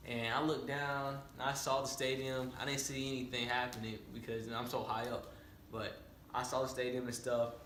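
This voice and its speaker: A man, a student pilot, telling a story in a casual way, rattling off radio calls in quick aviation jargon and explaining the terms. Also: medium pitch, flat delivery, a bit bright, echoey room, a little hiss or hum. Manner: explains terms to a listener, often asking "right?".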